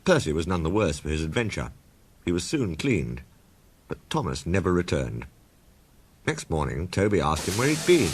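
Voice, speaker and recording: A man narrating a storybook in a measured, expressive reading voice. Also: sits low, husky.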